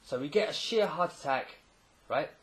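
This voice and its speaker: A man talks through a comic chapter in a relaxed, rambling way, with frequent jokey asides. His voice sits a little higher than most men's. It sounds like an informal home recording. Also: moderate pace. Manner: rambling, animated storytelling with asides. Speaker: manga chapter reviewer. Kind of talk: casual recap commentary.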